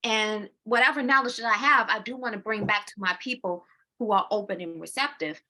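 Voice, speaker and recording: A bright, lively woman in her forties chats casually as co-host, her tone crisp and forward. She repeats words as she gathers her thoughts. She laughs often and acts out her own inner voice mid-sentence. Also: mid-range voice, fairly quick. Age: 40s. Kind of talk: casual chat.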